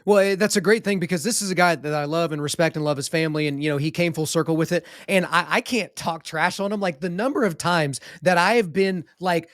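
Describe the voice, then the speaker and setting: A man's voice: a little high, fairly quick, hardly any pauses, a bit bright, dry recording, clean studio sound. A man in his thirties hosting a podcast interview, chatty and friendly, often adding short agreements. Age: 30s. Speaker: podcast host. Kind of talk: casual conversational interview.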